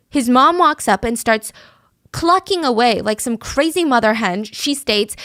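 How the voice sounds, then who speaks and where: A woman hosting a true crime podcast, telling the case in an animated, indignant way. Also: high voice, measured pace, no room sound, studio quality. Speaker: podcast host.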